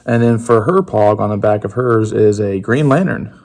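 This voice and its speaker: A man with a lowish voice and a gravelly, fry-laden edge talks casually as he unboxes game tokens. He is relaxed, laughs easily and fills pauses with ums. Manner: relaxed and chatty, laughs often, trails off with fillers. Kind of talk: casual chat.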